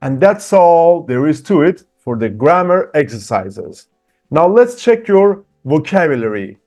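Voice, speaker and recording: A man teaching an online English lesson, reading example sentences slowly and clearly and talking directly to his viewers in an encouraging way. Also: on the high side, very animated, darkish tone, faint music behind.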